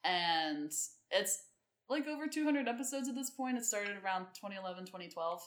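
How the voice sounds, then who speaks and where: A woman's voice: mid-range voice, animated, a little fast, reverberant. A woman co-hosting a podcast, chatting casually and rambling with many ums and restarts. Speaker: podcast co-host. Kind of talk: casual chat.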